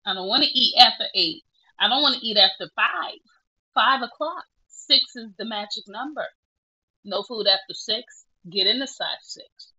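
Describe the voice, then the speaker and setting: A woman's voice: on the high side, normal speed, pushed and bright, breathy edge, dull audio. A woman vlogging casually, chatty and self-mocking, laughing and tearing up as she talks. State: tearful at times. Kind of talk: casual selfie vlog.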